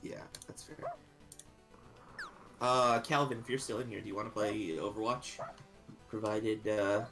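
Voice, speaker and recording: A man's voice: on the low side, steady tone, normal speed. A man chatting casually on a live stream while gaming, sleepy and yawning, rambling with many restarts. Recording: stream audio with game music behind. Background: game music.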